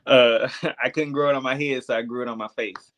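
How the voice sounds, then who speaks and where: Guest: thirty-year-old man, soft-spoken and reflective, halting delivery full of "um"s, mid-range voice. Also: mid-range voice, steady tone, dull audio. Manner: hesitant, reflective, many filler ums. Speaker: podcast guest. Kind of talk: candid conversation.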